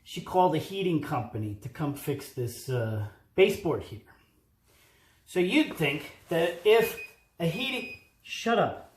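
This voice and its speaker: A man with a high voice hosts a joking DIY repair video. He rambles and lectures with emphasis. His voice echoes around a room in a home. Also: sing-song, unhurried. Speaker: handyman host. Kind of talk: casual DIY how-to video. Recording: roomy echo.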